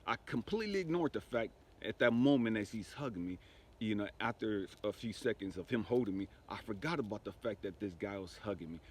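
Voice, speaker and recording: A man's voice: lowish voice, a little hiss or hum. A grieving man telling a personal spiritual testimony in a conversational way, often asking "you know what I mean". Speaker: spiritual speaker.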